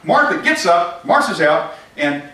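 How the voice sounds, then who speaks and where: In a church sanctuary, a pastor gives an interactive, animated sermon, questioning the congregation and acting out scenes. His voice is high and unhurried. The recording picks up the echoey room from a distant mic.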